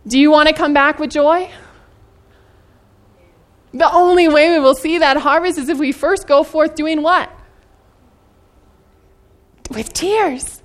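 Earnest high-voiced woman preaching. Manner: earnest, asks the listeners many questions; slows down for emphasis on scripture. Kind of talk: sermon.

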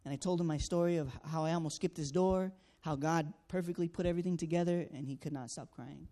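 A man's voice: on the high side, steady tone, quick pace, mellow. A man sharing a personal testimony of his time as a door-to-door canvasser, talking earnestly with many fillers and acting out the dialogue. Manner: earnest storytelling, acts out dialogue, frequent fillers.

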